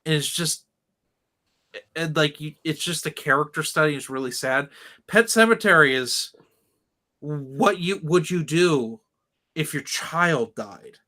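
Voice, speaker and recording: Chatty guy with a bright slightly high voice, opinionated, rambles in a podcast chat. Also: expressive, a little slow, long pauses. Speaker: podcast host. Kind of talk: casual chat.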